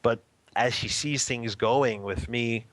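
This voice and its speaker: A man's voice: mid-range voice, slow, a bit bright, dry recording. A man guest talking casually about family life and spiritual practice, checking in with "okay?" and "you know" and chuckling often. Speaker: interview guest, home meditation practitioner and father. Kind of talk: casual spoken teaching.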